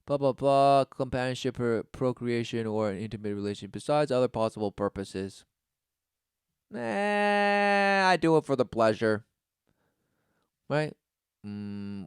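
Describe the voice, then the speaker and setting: Man preaching and mocking what he reads, super clear voice, dry close sound. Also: mid-range voice, darkish tone, no room sound. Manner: sarcastic, mocking; reads study text aloud, then scoffs. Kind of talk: preaching commentary.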